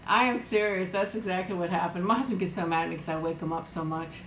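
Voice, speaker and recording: A woman's voice: fairly low pitch, fast, fairly bright tone, roomy sound, a little hiss or hum, rough recording. A woman hosting a casual live-chat eating stream from home, talking in a rambling way and laughing often. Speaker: livestream host.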